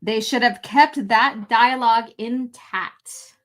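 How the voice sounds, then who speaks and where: Slow, casual woman reviewing a film live. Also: a little high, fairly bright tone. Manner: casual, swears, laughs often. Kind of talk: live-stream reaction review.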